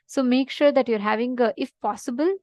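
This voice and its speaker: A woman with a fairly high voice leads an online class, mixing practical instructions with a teaching story. She is dry and close to the mic, reassures her listeners and keeps checking in with "okay?" and "right?". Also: brisk, a little mellow, no echo, dull audio. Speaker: program instructor.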